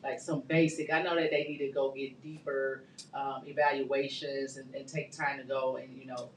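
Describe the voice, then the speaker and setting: A woman's voice: rumbling low, level tone, normal speed, slight background noise. Woman talk-show host, casual and rambling; echoey studio, distant mic. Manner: chatty, rambling questions.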